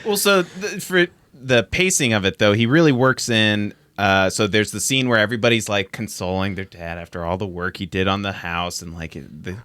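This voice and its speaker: A man's voice: on the low side, moderate pace, hardly any pauses, a bit bright, clear, resonant tone, no room sound. A man co-hosting a podcast, rambling through a casual film-review chat and laughing often. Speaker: podcast co-host.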